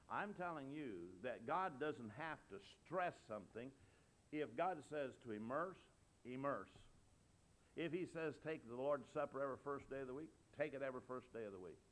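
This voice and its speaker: An older man preaching a sermon, with emphatic delivery that swings between loud and soft. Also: medium pitch.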